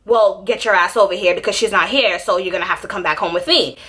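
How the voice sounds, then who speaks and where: Blunt bossy grandmother as a young woman quotes her, curt scolding orders, bright voice. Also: medium pitch, quick pace, close to an everyday voice.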